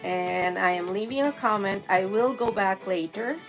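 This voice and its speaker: Middle-aged filipina woman doing a chatty live stream, middle pitch, faint guitar music behind her. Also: moderate pace. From Philippines. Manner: chatty, greeting viewers and reading out chat comments. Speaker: livestream host. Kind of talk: casual live-stream chat.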